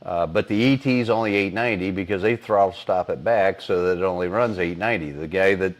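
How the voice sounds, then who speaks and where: A middle-aged man co-hosting a podcast, explaining engine parts in casual technical shop talk, rambling with many fillers and frequent throat clearing, on a collar lapel mic. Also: low voice, quick pace. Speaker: engine builder and podcast co-host.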